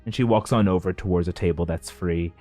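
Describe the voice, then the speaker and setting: A man narrating a tabletop game as game master, describing scenes haltingly with many restarts. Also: sits low, mellow, faint music behind.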